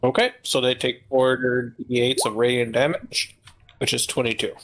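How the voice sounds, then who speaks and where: A man's voice: medium pitch, moderate pace, fairly bright tone. A man player in a tabletop game, declaring his character's actions with wry, reluctant asides. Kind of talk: casual tabletop play.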